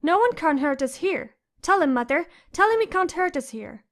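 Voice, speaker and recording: A woman doing a shrill spoiled boy lord. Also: animated, moderate pace, fairly bright tone, full character voice. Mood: whining.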